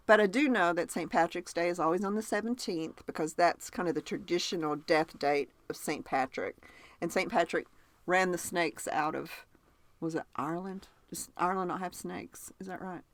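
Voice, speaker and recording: A woman's voice: lowish voice, normal speed, no echo. Chatty Southern woman podcast host. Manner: chatty, laughs often, asks her cohost questions. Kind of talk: casual chat.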